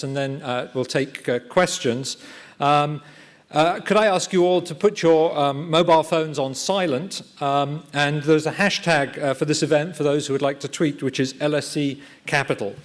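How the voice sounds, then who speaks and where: A man chairing an event in a lecture theatre, giving a formal, measured introduction with frequent "uh" pauses. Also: on the high side.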